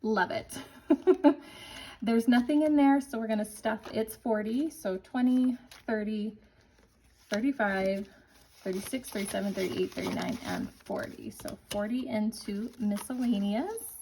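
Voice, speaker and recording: A woman in her forties chatting casually to viewers as a budgeting vlogger, upbeat and chatty, counting cash out loud. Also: a little high, a little slow, slight background noise, low-quality recording. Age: 40s. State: slightly winded.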